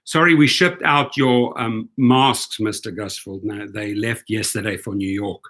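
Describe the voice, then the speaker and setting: A man's voice: lowish voice, fairly even intonation, a little slow, a bit bright, voice pushed down. A man putting on an Indian accent to voice a flustered male mask supplier who stammers. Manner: hesitant, stammering.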